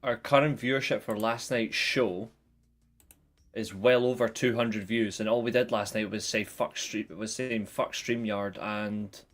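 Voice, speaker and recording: A man hosting a wrestling review livestream, chatting casually and jokingly with viewers, greeting them by name. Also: medium pitch. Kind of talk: casual live chat to viewers.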